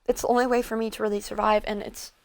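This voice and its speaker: Anxious, halting woman with a gravelly voice. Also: medium pitch, flat delivery, no room sound. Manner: anxious, halting, keeps apologizing. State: on the verge of tears. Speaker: roleplay player. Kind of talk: Minecraft roleplay in character.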